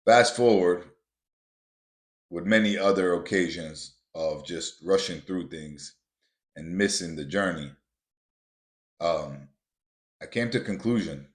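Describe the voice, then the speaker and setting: A man's voice: sits low, takes it slowly, pauses often. A man hosting a podcast, telling a motivational personal story in a casual way. He calls his listeners guys and builds to emphatic, repeated points. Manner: builds to emphatic, repetitive punches. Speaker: podcast host. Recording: roomy echo.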